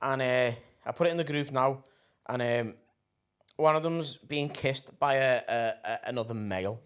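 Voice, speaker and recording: A man's voice: medium pitch, normal speed, fairly bright tone, clean tone. A man, co-hosting a podcast, telling stories in casual chat, swearing freely and laughing through them. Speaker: podcast co-host.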